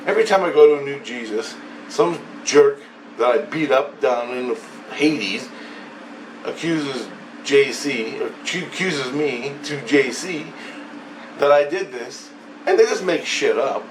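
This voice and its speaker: A man's voice: mid-range voice, a little slow. A man rambles through a personal story, swearing freely and circling back over his own words. He sounds set back from the mic in an echoing room. A faint ambient hum sits behind him. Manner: profane, excitable, repeats himself. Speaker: vlogger. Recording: roomy and distant from the mic.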